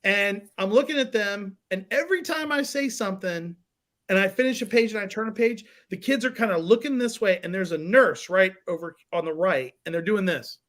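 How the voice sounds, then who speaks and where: A man's voice: sits high, brisk, fairly bright tone. A man guest on a podcast, animatedly telling a funny story with a laugh in his voice. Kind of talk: casual storytelling.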